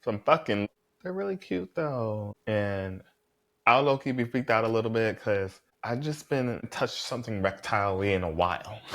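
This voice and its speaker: A man casually recapping a reality show episode, blunt and profane, with lots of "like" fillers and animated reactions. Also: on the low side, moderate pace.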